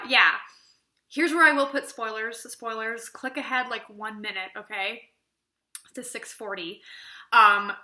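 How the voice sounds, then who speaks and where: Bright, chatty young woman. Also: on the high side, echoey room. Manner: animated, chatty, acts out quoted exchanges. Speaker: book review vlogger. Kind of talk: casual opinionated chat.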